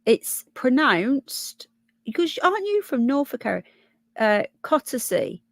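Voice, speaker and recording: High-pitched and very animated, she nonetheless keeps a measured pace, with no echo on the recording. A livestream host from Birmingham, England, with a Brummie accent, she casually chats and thinks aloud through news and viewer comments, stumbling over names.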